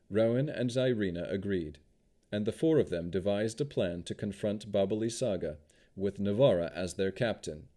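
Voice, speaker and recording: A man narrating a fantasy audiobook with expressive storytelling. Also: fairly low pitch, normal speed.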